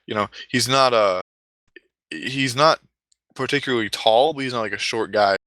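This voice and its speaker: A man's voice: mid-range voice, moderate pace, pushed and bright, dry recording. A man telling a comic story casually, rambling and swearing often, with frequent restarts. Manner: profane, rambling, self-correcting.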